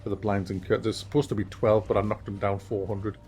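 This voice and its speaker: A man's voice: lowish voice, level tone, fast, darkish tone, faint music behind. A man hosting a gaming channel, rambling through a casual update from his home office with mild swearing. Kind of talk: casual monthly update chat.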